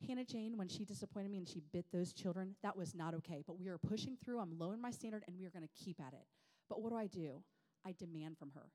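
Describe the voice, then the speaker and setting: A woman, telling personal stories in an animated, self-deprecating way to a women's gathering. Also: on the low side, quick pace, few pauses. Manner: animated, self-deprecating, chatty with many fillers. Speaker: women's ministry speaker. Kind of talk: personal storytelling talk.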